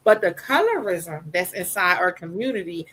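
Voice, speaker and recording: A woman with a soft voice, a podcast guest talking candidly and personally in casual conversation. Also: fairly low pitch, animated, normal speed, slightly rough, poor audio.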